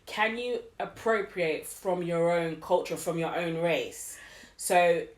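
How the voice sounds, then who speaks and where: A woman's voice: lowish voice, slow. A woman co-hosting a podcast, giving her views in an emphatic, opinionated way. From Britain. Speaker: podcast co-host. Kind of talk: casual chat.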